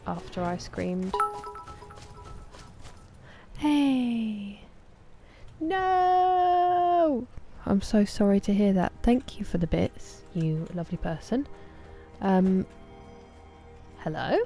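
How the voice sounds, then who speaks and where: A woman with an English accent streaming a game, chatting casually and warmly greeting viewers by name, sometimes dropping to a whisper. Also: fairly low pitch, steady tone, measured pace, vocal fry, soft background music.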